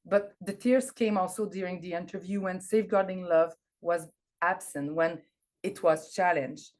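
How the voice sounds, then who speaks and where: Woman, non-native English speaker, academic talk, video call, low-pitched, hesitant, many fillers. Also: normal speed, a little mellow. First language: not English. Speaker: conference presenter. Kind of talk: academic presentation.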